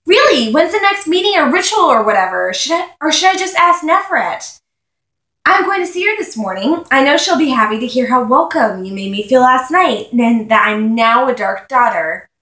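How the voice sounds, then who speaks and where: A woman's voice: high voice, lively intonation, normal speed, sharp tone. A woman reading the lines of a teenage girl who is feigning cheerful cluelessness, in an echoey room. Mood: fake-cheerful.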